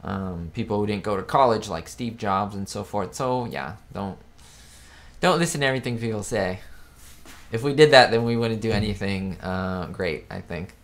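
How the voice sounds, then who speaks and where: A man with a slightly low voice hosts a casual live stream. He talks on in a chatty, rambling way. He often breaks off to fix his own facts. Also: moderate pace. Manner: rambling, chatty, self-correcting. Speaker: host of a live chat show. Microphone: webcam setup.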